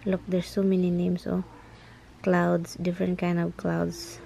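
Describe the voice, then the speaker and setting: A woman's voice: on the low side, monotone, unhurried, vocal fry, over loud music. A woman with a Filipino accent chatting casually to camera in a home vlog, laughing often and talking fondly to her pets. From Philippines. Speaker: vlogger. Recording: home video with background noise.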